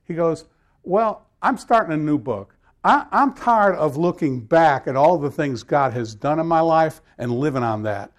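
A man's voice: a little high, expressive, unhurried. A male pastor preaching a sermon, telling a casual story before reading scripture with rising emphasis.

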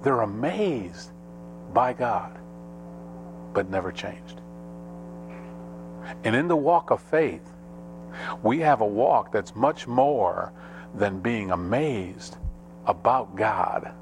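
A man preaching a sermon as pastor, with dramatic rises and drops in pitch and pace. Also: expressive, takes it slowly, pauses often, noisy background.

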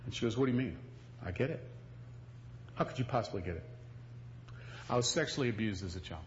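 A man's voice: on the low side, lively intonation, fast, highs cut off, slight background noise. A male pastor preaching a sermon in a folksy, emphatic storytelling manner, recorded in a church.

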